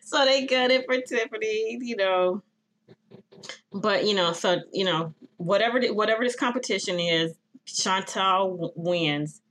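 Woman, podcast co-host, casual recap, animated retelling, mid pitch. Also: measured pace. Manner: chatty, animated retelling with quoted voices. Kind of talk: casual chat.

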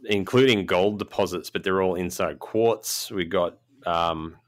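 A man's voice: low-pitched, unhurried. A man from Tasmania with an Australian accent, chatting casually and joking on a podcast. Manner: laid-back, jokey, laughs often.

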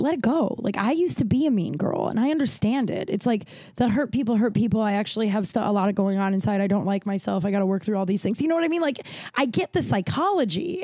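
Mellow-voiced woman telling a candid story. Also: no echo. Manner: candid, swears freely, acts out quoted dialogue with big pitch jumps. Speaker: podcast host. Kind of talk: casual storytelling.

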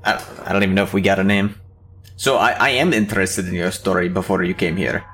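Young male player, dry and wry, lowish voice, faint music behind. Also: steady tone, fast talker, fairly bright tone. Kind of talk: casual tabletop play.

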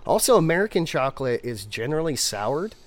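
A man co-hosting a casual brewing podcast, talking in an animated, rambling way full of restarts. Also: on the high side, fairly quick. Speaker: podcast co-host, brewer. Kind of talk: casual chat.

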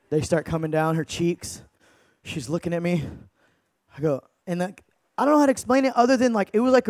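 A young man, an evangelist, excitedly telling testimony stories in slangy talk, laughing now and then. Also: sits high, fast talker, no room sound, clean studio sound. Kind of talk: energetic testimony storytelling.

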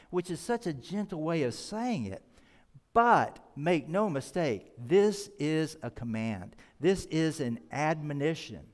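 A man preaching a sermon as pastor, explaining scripture earnestly and leaning hard on key words. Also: on the high side. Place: church sanctuary. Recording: reverberant church hall.

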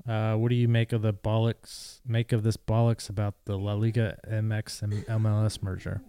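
Mellow low-voiced man, laid-back. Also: monotone, moderate pace, clear, resonant tone, no echo, studio quality. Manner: laid-back, terse, swears casually. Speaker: podcast co-host. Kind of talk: casual chat.

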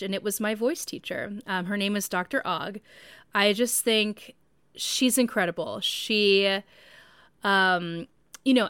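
A woman's voice: mid-range voice, fairly bright tone, clean tone, no echo. A woman in her thirties hosting a podcast, talking in a chatty, rambling way full of "like" and "um". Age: 30s. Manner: chatty, rambling, many "like" and "um" fillers. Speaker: podcast host. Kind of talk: casual podcast monologue.

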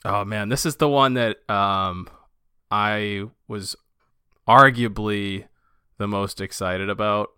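A man's voice: lowish voice, steady tone, slow pace, bright, forceful tone, smooth, no room sound, clean studio sound. A man co-hosting a casual fan podcast, enthusiastic and loose, with lots of fillers and restarts. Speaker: podcast co-host.

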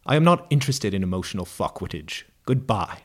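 A man's voice: lowish voice, big pitch swings, brisk. A man with his own American accent voicing an indignant young British woman in a British accent, reading the line in a clipped, theatrical way.

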